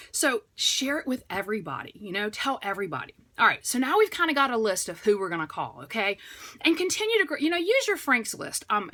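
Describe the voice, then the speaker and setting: Upbeat lady sales coach, kinda high voice, bounces all over the place, super chatty. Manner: chatty, upbeat, acts out phone calls in a bright voice. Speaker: direct sales trainer. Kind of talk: motivational sales coaching talk.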